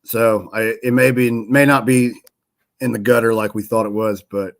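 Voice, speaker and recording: A man's voice: lowish voice, fairly even intonation, moderate pace, creaky. A man co-hosting a laid-back podcast, talking through wrestling results in a loose, rambling way. He often stops to correct himself and backtracks mid-sentence. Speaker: podcast co-host. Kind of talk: casual chat about wrestling.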